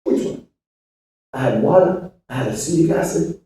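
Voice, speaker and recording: A man with a high-pitched voice delivers a motivational speech to a hall full of listeners. He swings between shouting and hushed, preachy asides, and he keeps pressing the crowd with questions. The sound is very roomy and captured from far off in a large hall. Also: lively intonation, moderate pace. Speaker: motivational speaker to students. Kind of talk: motivational speech to a live audience. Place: large echoey hall with an audience.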